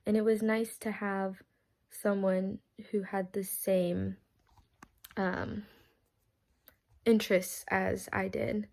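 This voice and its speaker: A woman's voice: mid-range voice, creaky, a little mellow. A woman giving a casual, heartfelt birthday tribute to her aunt, with frequent ums and restarts. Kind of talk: recorded personal birthday message.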